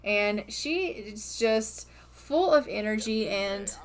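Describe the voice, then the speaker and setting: A gaming video host gives chatty, cheerful commentary over a life-sim game, narrating her characters' actions in a casual gameplay style. Her mid-range voice has lively intonation and a slow pace.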